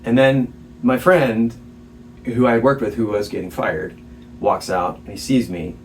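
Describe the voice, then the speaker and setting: A man, a stage actor, telling a story as an interview guest in a candid, animated way, laughing between remarks. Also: mid-range voice, unhurried. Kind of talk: casual storytelling. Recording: distant mic, faint background noise.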